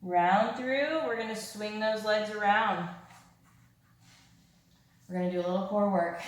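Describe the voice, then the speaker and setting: A woman's voice: medium pitch, lively intonation, normal speed, pauses often, slight background noise. Upbeat woman instructor, breathless, calling yoga cues in a very echoey room. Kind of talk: guided yoga class cues.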